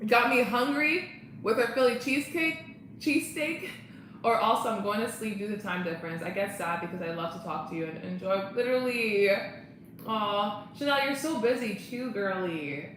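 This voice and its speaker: A woman's voice: a little high, animated, moderate pace, a bit bright, a little hiss or hum. A young woman chatting casually on a live stream, bubbly and laughing often as she greets viewers. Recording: very echoey room.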